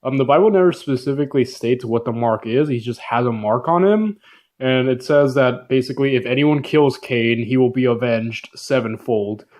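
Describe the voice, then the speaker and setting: A man's voice: mid-range voice, moderate pace, a little mellow. Male narrator, playful comic retelling, slangy, midrange voice. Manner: slangy, jokey, filler-heavy. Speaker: video narrator. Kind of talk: comic casual Bible summary narration.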